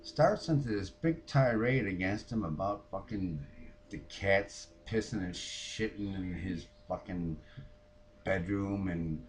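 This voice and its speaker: A man's voice: low voice, takes it slowly. A man playing a foul-mouthed, fed-up woman who rants about her neighbors in a comic monologue. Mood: fired up. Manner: profane, ranting, mimics others.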